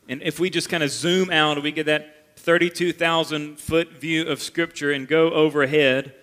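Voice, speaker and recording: A man preaching a sermon as pastor, earnest and measured, repeating key phrases for emphasis. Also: on the high side, a bit bright. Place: church sanctuary. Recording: long reverb of a church hall.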